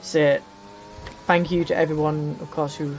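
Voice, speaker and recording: Chatty man hosting, slightly high voice. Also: flat delivery, unhurried, slight background noise. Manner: joking, laughs often, chatty. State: dry throat. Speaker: podcast host. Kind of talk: casual banter while sim racing.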